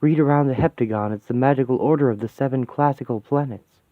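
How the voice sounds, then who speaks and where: A man's voice: medium pitch, quick pace, dry recording, close to an everyday voice. A man voicing an earnest, bookish young woman who patiently explains magical symbols in a fan radio-play comic. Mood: explaining. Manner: explanatory, thoughtful. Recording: tinny, dry, phone-like sound.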